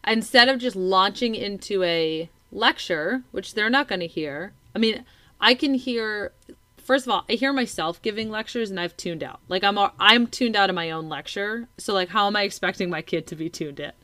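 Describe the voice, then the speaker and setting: A woman's voice: mid-range voice, normal speed, no room sound. A woman in her thirties, a mother co-hosting a casual chat, talking animatedly and acting out what kids and parents say. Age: 30s. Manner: animated, acts out kids' and parents' lines. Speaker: podcast co-host, mother.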